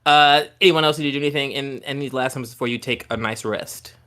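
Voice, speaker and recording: A tabletop game master speaks at an everyday mid-range pitch, talking fast with a bright, forceful tone. He describes scenes at length in loose, rambling narration, leaning on "like" and "um" as he builds the picture.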